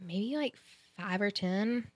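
A woman, chatty and expressive, answering questions as a guest on a podcast. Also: mid-range voice, slow. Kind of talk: casual podcast chat.

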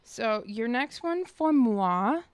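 A woman's voice: on the high side, expressive, slow. A woman co-hosting a casual chat podcast, bubbly, giggly and playful. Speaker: podcast co-host.

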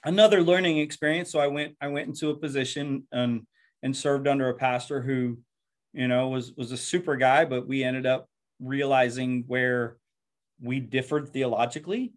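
A man's voice: medium pitch, steady tone, normal speed. A man who is a pastor, telling his life story in an earnest, reflective interview and often repeating words as he goes.

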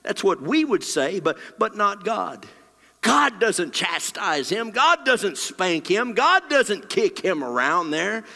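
A man preaching a sermon into a handheld mic, swinging between loud, dramatic lines and near whispers. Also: high voice, big pitch swings, slow, gravelly. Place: church sanctuary. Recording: long hall reverb.

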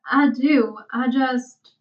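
A woman's voice: sits high, fairly even intonation, extremely slow, far from the mic, lo-fi sound, pitched above the performer's own voice. A woman voicing an anxious, tender woman who pleads and breaks into tears. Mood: embarrassed.

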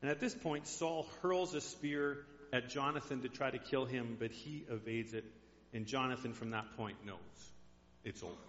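A man's voice: mid-range voice, fairly bright tone. A male pastor delivering a sermon in a chatty storytelling manner in a church. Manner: conversational storytelling. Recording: dull echoey hall.

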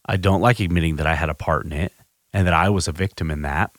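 Candid deep-voiced man telling his story. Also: fairly even intonation, quick pace, no room sound, studio quality. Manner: candid, self-reflective storytelling with frequent restarts. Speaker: podcast host. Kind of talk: personal recovery monologue.

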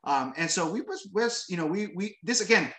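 This man's high-pitched voice sounds pushed and bright as he preaches animatedly at a moderate pace after reading scripture. He talks conversationally, repeating words and tacking on tag questions, with a roomy echo around him.

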